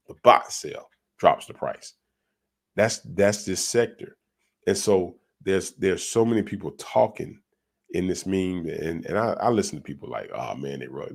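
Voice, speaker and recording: Deep-voiced man with a loose, animated delivery. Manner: animated, repeats himself, addresses viewers as y'all. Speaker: crypto commentator. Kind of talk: casual livestream talk.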